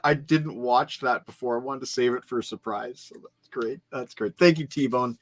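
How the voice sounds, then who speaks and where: A man's voice: mid-range voice, moderate pace, few pauses. A man hosting a rock music podcast in upbeat, chatty talk. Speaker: podcast host. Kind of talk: casual chat.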